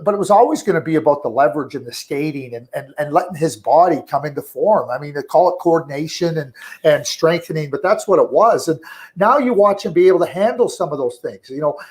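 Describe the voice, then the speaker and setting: A middle-aged man with a slightly raised pitch talks hockey as an interview guest. He rambles, stumbles over repeated words, and perks up when he acts out quotes. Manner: talkative, repeats words and restarts, animated when quoting. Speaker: hockey scouting director, guest. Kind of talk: conversational radio interview.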